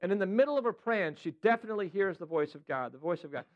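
A man leading an informal sermon-style teaching for a prayer group, animated and playful, asking the group questions. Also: high-pitched, fast, dull audio.

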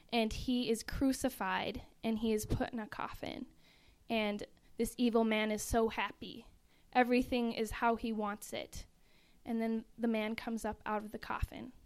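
Young woman actress, smooth clear voice, pitched a bit high, earnest vivid storytelling. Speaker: actress in a touring ministry show. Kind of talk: describing the show to an audience.

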